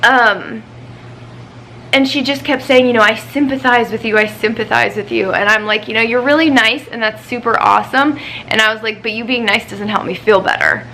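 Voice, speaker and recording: A woman's voice: a little high, normal speed, bright, forceful tone, slight background noise, rough recording. A woman vlogger chatting casually, venting her frustration over a doctor's appointment after a week of crying. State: upset, recently crying. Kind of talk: casual chat.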